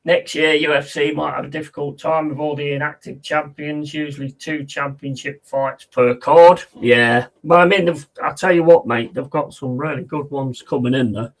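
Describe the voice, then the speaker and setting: A man's voice: fairly high pitch, fairly even intonation, moderate pace, hardly any pauses. A man hosting a football watch-along, chatting casually with viewers and calling the play. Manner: chatty, laddish, reads chat aloud and answers. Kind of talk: casual match commentary and chat with viewers.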